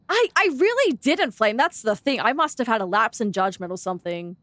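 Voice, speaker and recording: A young Australian woman chatting while streaming a game, bubbly and excitable, gasping and squealing as she greets viewers. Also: on the high side, brisk, hardly any pauses, no room sound, clean studio sound. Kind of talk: live gaming stream chat.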